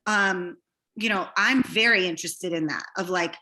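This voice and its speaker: A woman business owner speaking as a guest in an interview, candid and reflective, often pausing with fillers. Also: on the low side, sharp tone. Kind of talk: conversational interview.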